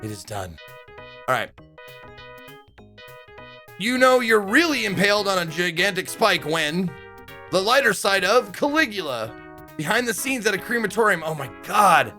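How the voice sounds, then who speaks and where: A man playing through a game on stream, reading the narration out loud and tossing in chatty asides. His voice is high and bright, with a playful edge. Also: animated, normal speed, faint music behind. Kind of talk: reading game text aloud, casual commentary.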